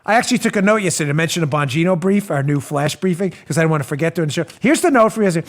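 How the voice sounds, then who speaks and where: A man hosting a political talk show, speaking in a sarcastic, animated, mocking manner from a studio. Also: on the high side, very fast. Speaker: host.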